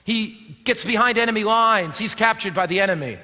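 A male preacher giving a sermon, dramatic, swinging from loud calls to hushed, quiet lines. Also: high-pitched, brisk. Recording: long hall reverb.

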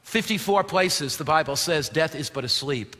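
Bright, high-voiced preaching man in a hall. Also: expressive, normal speed. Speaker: pastor. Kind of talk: sermon. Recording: long hall reverb.

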